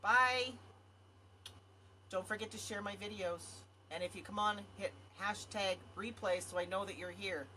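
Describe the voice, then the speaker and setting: A woman's voice: medium pitch, measured pace, sharp tone, a little hiss or hum. A woman vlogging to her viewers in casual talk, effusive and rambling. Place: home area in Montana.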